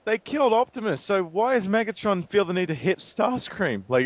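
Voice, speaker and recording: A young man joking through a casual movie review, giggly and animated, on a dull lo-fi recording. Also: high voice, moderate pace, no echo. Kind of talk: casual chat.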